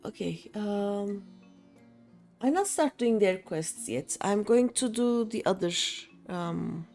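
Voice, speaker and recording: A woman's voice: medium pitch, expressive, takes it slowly, dark tone, soft background music. A woman streaming a game, chatting casually and thinking aloud with many hesitant fillers. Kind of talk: casual gameplay chat.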